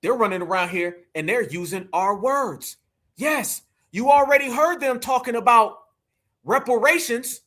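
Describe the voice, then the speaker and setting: A man's voice: very high-pitched, a little slow, bright, forceful tone. A man hosting live political commentary, mocking and emphatic and full of slang.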